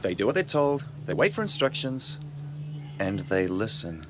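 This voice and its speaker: An actor playing a cruel, controlling male kidnapper who issues quiet whispered threats and sudden shouted commands. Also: on the low side, very animated, normal speed, over music. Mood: menacing. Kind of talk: action film acting.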